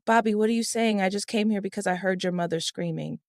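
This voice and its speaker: A young man protests his innocence in an indignant, defensive tone, as a woman narrator voices him. The delivery stays slow and measured in a dry, close recording. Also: mid-range voice, a little mellow, no echo, natural voice.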